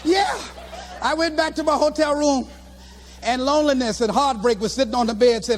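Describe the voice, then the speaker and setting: A man giving a motivational speech to a live audience, telling stories with animated delivery and shouting out his own acted lines. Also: very high-pitched, moderate pace, noisy background. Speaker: motivational speaker.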